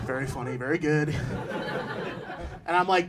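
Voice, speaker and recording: A man's voice: sits high, slow pace, long pauses, crowd noise. Young man doing a stand-up comedy set. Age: 20s. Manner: conversational, deadpan asides, swings to loud laughing outbursts. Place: comedy club stage before a live audience.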